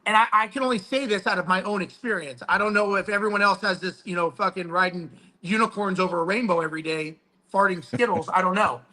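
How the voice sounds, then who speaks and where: A man's voice: sits high, quick pace, pushed and bright, poor audio. A man talking casually and telling stories with heavy swearing. He is emphatic and quotes his mentor's lines back and forth. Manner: profane, storytelling. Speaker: guest speaker. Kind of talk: casual chat.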